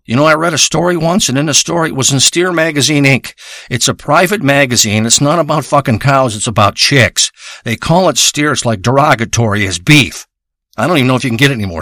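A man's voice: medium pitch, pushed and bright, dry recording, studio quality. A man delivering a crude, paranoid comedy rant in a rambling monologue.

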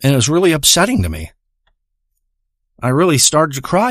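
A man's voice: a little high, wildly swooping pitch, normal speed, a bit bright, no room sound, clean studio sound. A man telling a long personal story, profane, emotional and rambling.

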